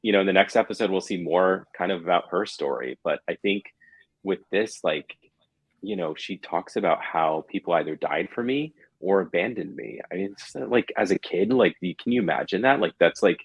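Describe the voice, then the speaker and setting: A man with a low, husky voice chats casually as a podcast co-host, earnest and wordy as he loops back to his points. The sound is dry and close. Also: moderate pace, no echo, dull audio. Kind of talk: casual TV recap chat.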